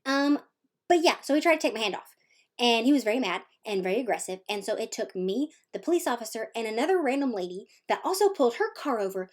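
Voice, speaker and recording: A woman vlogger telling a personal story in a casual, animated and playful way, acting out the voices in it. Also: a little high, fast talker. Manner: animated, playful, acts out quotes.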